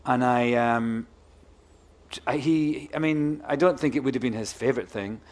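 A man's voice: medium pitch, normal speed. A man guest author talking at a live book festival, rambling and restarting, then turning into a playful showman. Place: festival stage before a live audience. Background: audience crowd.

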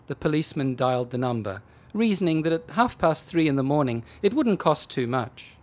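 A man's voice: a little high, very animated, a little fast, few pauses. Man reading a comic story expressively.

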